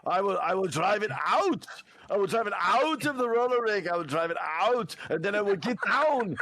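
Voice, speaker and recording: A man's voice: high-pitched, lively intonation, normal speed, fairly bright tone, exaggerated voice. A man doing an impression of an Austrian action-hero strongman, barking frantic orders. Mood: bewildered.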